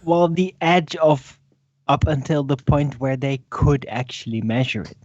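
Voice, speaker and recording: A man's voice: mid-range voice, a little slow, a little mellow, no echo. Male caller, mid voice, matter-of-fact, dry muffled call audio. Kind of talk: group call discussion.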